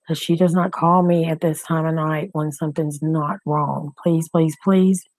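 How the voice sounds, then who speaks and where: A woman's voice: deep voice, steady tone, moderate pace, few pauses, a little mellow, no room sound, poor audio. A middle-aged woman hosting a casual live-stream chat from home, talking in an anxious, rambling way and repeating herself. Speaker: host.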